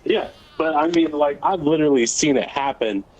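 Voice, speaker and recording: A man chatting casually while gaming, easygoing and quick to chime in. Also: a little high, a little mellow, highs cut off. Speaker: podcast co-host.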